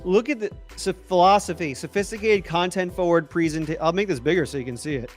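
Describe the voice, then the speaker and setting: A man chatting casually on a livestream and answering viewer questions, excitable and rambling. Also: high voice, fast, soft background music. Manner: rambling and excitable, trailing off and restarting. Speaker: tech YouTuber answering live chat.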